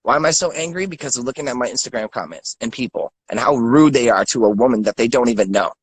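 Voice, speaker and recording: Husky-voiced man, thirties, furious stammering rant. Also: medium pitch, quick pace, poor audio. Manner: angry, profane, stammering repeats. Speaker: guest. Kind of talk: angry rant.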